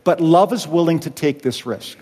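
A man's voice: a little high, expressive, normal speed, mellow. Male pastor, sermon delivery, acts out quotes, reverberant church hall. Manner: preaching with acted-out quotes.

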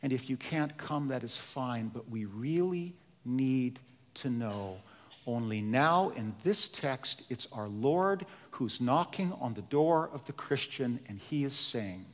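A male pastor preaching a sermon in a slow, earnest and emphatic way. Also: mid-range voice, expressive, in a large hall.

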